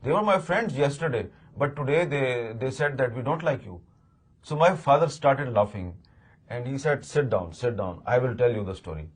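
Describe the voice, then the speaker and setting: A man's voice: medium pitch, animated, normal speed, slightly rough. A man in his fifties with a Pakistani accent, a guest in an interview, recounting a personal memory with frequent hesitations, repeated words and acted-out dialogue. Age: 50s. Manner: acts out remembered dialogue.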